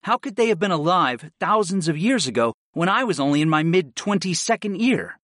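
A man narrating a fantasy audiobook in the first person, with a steady, expressive delivery. His voice sits a little high for a man and moves lively up and down. The sound is dry and close. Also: brisk, no room sound.

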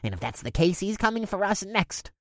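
A man's voice: high-pitched, big pitch swings, a little fast, a bit bright, dry recording, studio quality, pitched above the performer's own voice. A man voicing a snarling, scornful male orc in a raised, pinched voice. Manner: snarling and contemptuous.

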